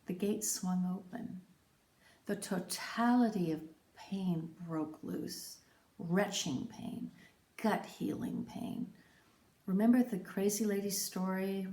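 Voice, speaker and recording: Woman, slow scripted personal narration, mellow tone, roomy echo. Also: on the low side. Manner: measured, poetic, emphatic delivery. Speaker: podcast host telling her own story.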